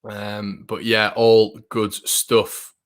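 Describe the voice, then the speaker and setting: A man's voice: fairly low pitch, extremely slow, slight background noise. A young man hosting a live football watchalong stream, chatting casually and reading out viewer comments with lots of fillers and restarts. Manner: chatty, filler-heavy, frequent restarts, excitable fan.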